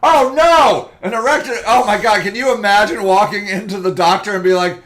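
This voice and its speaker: A man hosting a comedic podcast, reading an article aloud and mocking it loudly. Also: sits high, brisk. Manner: loud, excitable, mocking, jumps into silly voices. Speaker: podcast host.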